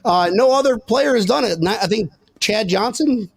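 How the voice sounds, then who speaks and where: A man hosting a sports podcast, talking in excitable, teasing casual banter and joking his way through arguments. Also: high voice, normal speed, creaky. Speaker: podcast host.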